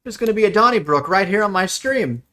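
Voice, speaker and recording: A streamer chatting casually while playing an online game, talking slowly with lively ups and downs. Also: medium pitch.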